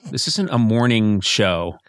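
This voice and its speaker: A man's voice: fairly low pitch, animated, a little slow, smooth, dry recording, studio quality. A man hosting a comedy podcast, riffing playfully and laughing often. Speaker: podcast host. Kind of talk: comic podcast banter.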